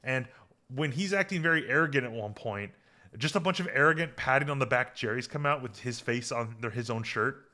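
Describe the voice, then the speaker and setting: In a casual podcast chat, a male co-host rambles and restarts often, growing animated whenever something amuses him. His voice is mid-range and his delivery brisk.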